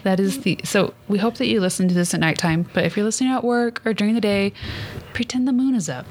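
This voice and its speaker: A woman in her thirties co-hosting a podcast in casual chat, telling a story in an animated way and acting out quotes with laughter. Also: mid-range voice, fast talker. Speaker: podcast co-host.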